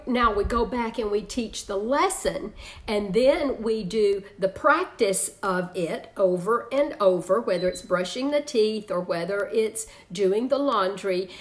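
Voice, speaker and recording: Teaching an online parenting class, a woman with a mid-range voice keeps things chatty. She laughs often and reads out comments from viewers.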